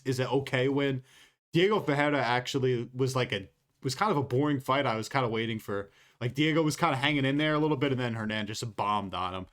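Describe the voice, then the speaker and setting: A man talking through fight picks in a loose, profane, rambling way, often restarting his sentences. His voice sits at a mid pitch, and the delivery is casual, like an analyst chatting to his audience. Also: a bit bright. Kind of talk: casual fight predictions monologue.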